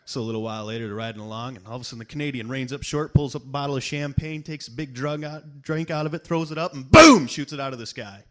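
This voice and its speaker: A man's voice: mid-range voice, steady tone, fast, hardly any pauses. Man telling a folksy stage joke. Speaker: open-mic performer. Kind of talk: reading aloud and telling a joke.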